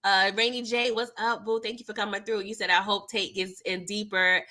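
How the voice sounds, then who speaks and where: A woman hosting a casual live recap, talking in lively slang and acting out characters' lines. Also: mid-range voice, brisk. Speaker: TV recap host. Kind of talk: casual livestream recap chat.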